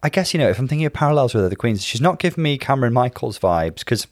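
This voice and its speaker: A man with a mid-range voice co-hosts a relaxed chat. He is analytical and measured and lays out his points carefully. The recording is dry, with no room sound. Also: mid-range voice, dry recording. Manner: analytical and measured, gives detailed breakdowns. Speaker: podcast co-host. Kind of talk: casual chat.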